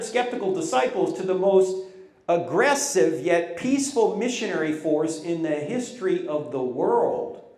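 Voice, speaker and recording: A man's voice: high-pitched, reverberant. A man in his sixties giving a live talk to a campus audience, telling stories and acting out quotes in raised voices. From United States. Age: 60s. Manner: animated storyteller, acts out quotes in raised voices. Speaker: Christian apologetics speaker. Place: large university hall with audience.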